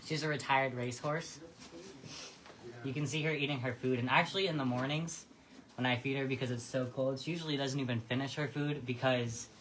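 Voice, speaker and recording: A volunteer caretaker, out of breath, chatting affectionately during a live-stream barn tour. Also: female voice, very deep voice, a little hiss or hum, poor audio. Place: horse barn.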